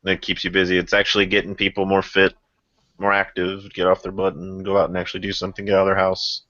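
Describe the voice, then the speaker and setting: A man's voice: deep voice, monotone, fast, fairly bright tone, no echo. A young man hosting a casual podcast, rambling through stories with lots of fillers and frequent laughter. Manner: laughs often, rambling storyteller with many fillers. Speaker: podcast host. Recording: muffled lo-fi podcast audio.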